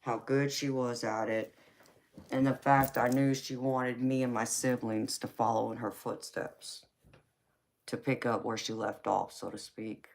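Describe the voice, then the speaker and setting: Southern-accented woman, flat even delivery. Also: rumbling low, unhurried, vocal fry. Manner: affectionate, calls viewers baby. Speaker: tarot reader and livestream host. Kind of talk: casual live chat with viewers.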